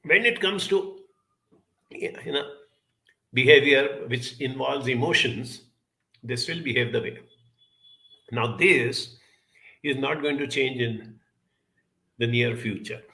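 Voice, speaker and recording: A man with a gravelly, bright voice talks earnestly as a program guest. He tells a childhood story and poses rhetorical questions in a reflective way. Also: medium pitch, slow pace, pauses often. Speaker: guest speaker.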